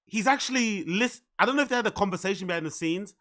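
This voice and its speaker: Bright man mocking a podcast. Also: high voice, animated, fast talker. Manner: mocking, profane, repeats his punchlines. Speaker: streamer reacting to a podcast. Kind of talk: casual reaction commentary.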